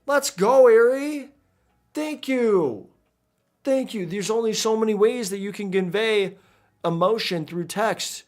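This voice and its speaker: Chatty man streaming a game. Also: sits high. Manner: rambling, chatty, self-interrupting. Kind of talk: casual gameplay commentary.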